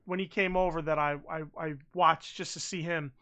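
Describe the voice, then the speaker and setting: A man co-hosting a casual podcast, rambling and excitable, swearing freely and saying bro a lot. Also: a little high, normal speed, clear, resonant tone. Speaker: podcast co-host. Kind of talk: casual chat.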